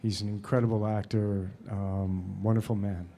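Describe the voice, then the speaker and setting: A man in his forties, an actor and director, answering audience questions with halting, filler-filled anecdotes and frequent laughter, on a stage before an audience. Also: lowish voice, little pitch movement, mellow, slight background noise. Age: 40s. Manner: halting, many fillers and restarts; laughs while telling stories.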